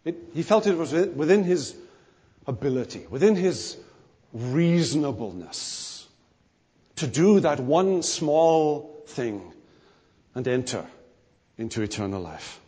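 A man preaching a sermon, emphatic and animated, his emphasis rising and falling. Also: fairly high pitch, slow, pauses often, slightly rough. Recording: long hall reverb.

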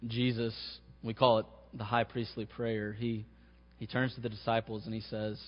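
A man's voice: fairly low pitch, little pitch movement, moderate pace. Male pastor preaching, emphatic rises, long hall reverb, slightly muffled sound. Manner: preaching with rising emphasis on key phrases. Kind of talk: sermon.

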